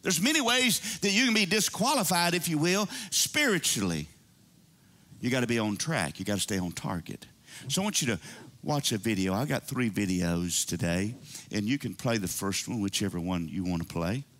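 A man preaching a sermon to his church, animated and climbing into high excited calls. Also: moderate pace. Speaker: pastor.

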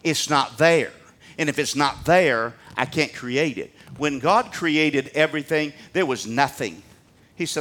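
A man preaching a sermon in a church, folksy and fervent, rising to near-shouts and dropping to hushed asides. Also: a little high, unhurried. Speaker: pastor.

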